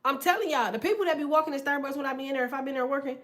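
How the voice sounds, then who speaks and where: A middle-aged card reader speaks in a high voice at rapid-fire speed. She casually entertains viewers with slangy, animated tales, laughing frequently.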